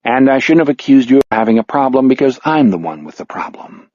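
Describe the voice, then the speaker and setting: A man voicing a blind, dry-witted older man in an audiobook, measured and blunt, with a husky tone. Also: medium pitch, very animated, a little mellow, no room sound, highs cut off. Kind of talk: audiobook character voice.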